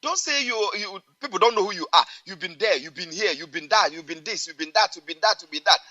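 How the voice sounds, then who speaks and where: A man's voice: high voice, expressive, quick pace, bright, forceful tone. A man calling in to a radio show, speaking in an emphatic, repetitive, preaching way over a phone line. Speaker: caller. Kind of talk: call-in radio talk.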